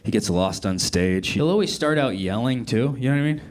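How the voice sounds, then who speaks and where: A man hosting a comedy podcast, telling stories in an animated, profane way. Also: medium pitch, a little fast. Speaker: podcast host. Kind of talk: comedic casual chat.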